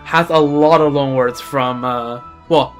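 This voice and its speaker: A man's voice: mid-range voice, fairly even intonation, a little slow, faint music behind. A man streaming a game, chatting casually in a rambling way and repeating words as he thinks. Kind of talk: casual gameplay commentary.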